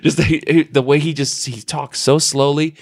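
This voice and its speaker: A man's voice: fairly high pitch, steady tone, moderate pace, dry recording, clean studio sound. A man hosting a podcast, chatting casually and rambling with laughs and swearing. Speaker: podcast host. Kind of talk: casual chat. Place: convention floor.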